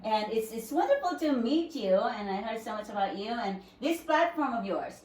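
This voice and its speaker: A woman's voice: fairly high pitch, big pitch swings, normal speed, darkish tone. A woman podcast host interviewing a guest, complimentary and chatty with some restarts. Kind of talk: casual interview chat. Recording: roomy, distant mic.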